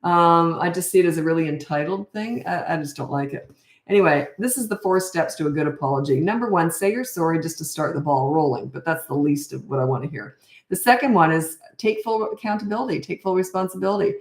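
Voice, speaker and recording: Speaking fast in a lower register, this middle-aged parenting coach talks loosely through a live Q&A session. Weary yet chatty, she frequently strays into side topics, and the room echoes around her.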